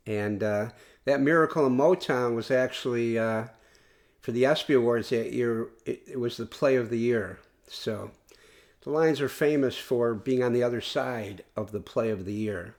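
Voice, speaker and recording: A man sits alone at the mic hosting his own podcast. He talks in a loose, earnest, rambling way and often circles back to restart a sentence. His voice sits at an ordinary middle pitch. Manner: rambling, earnest fan talk with frequent restarts. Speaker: podcast host. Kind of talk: casual solo podcast monologue.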